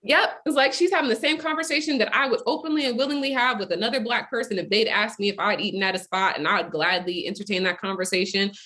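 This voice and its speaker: A young adult woman, a guest in casual conversation, telling a story in animated, quick bursts. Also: medium pitch.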